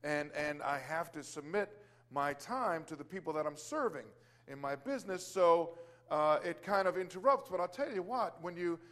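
High-voiced man rambling through a faith testimony. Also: animated, normal speed, fairly bright tone. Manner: rambling, many restarts and fillers, exclaims Hallelujah. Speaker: Christian business owner sharing testimony.

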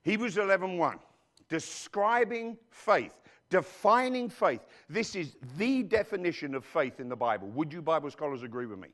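A male pastor, raised outside the United States, preaches at normal speed in a somewhat high, sing-song, slightly bright voice. Throughout the sermon he calls out questions, drawing call-and-response from the congregation.

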